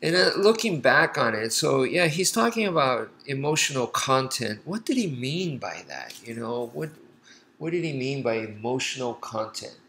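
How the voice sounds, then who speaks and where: A man's voice: medium pitch, lively intonation, normal speed, bright, forceful tone, rough recording. A man who teaches martial arts, talking casually and thoughtfully, telling a story and acting out quoted lines as he explains.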